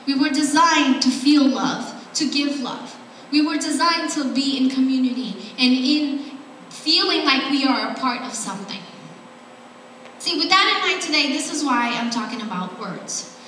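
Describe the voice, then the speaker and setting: High-voiced woman preaching in an echoey hall. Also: measured pace, a bit bright, distant mic, a little hiss or hum. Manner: earnest, heartfelt, conversational with fillers. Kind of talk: sermon.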